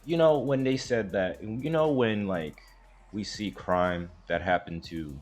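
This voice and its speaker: A man with a very deep, low-pitched voice talks through a reaction commentary. He rambles, hesitates and restarts, leaning hard on his points. Faint music plays behind him. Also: measured pace. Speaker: commentary host.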